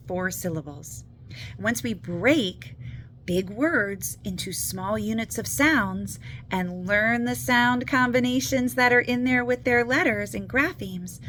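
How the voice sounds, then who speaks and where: A woman's voice: medium pitch, a bit bright, slight background noise. A woman reading teacher giving an upbeat, encouraging talk to parents about reading. She leans on key words as she explains.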